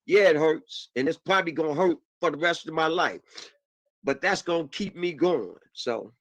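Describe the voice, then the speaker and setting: Male panelist, emotional testimony, high bright voice. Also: lively intonation, normal speed, no room sound, rough recording. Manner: emotional, repetitive, calls out "man" and "y'all". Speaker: panelist sharing personal testimony. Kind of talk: impassioned personal testimony.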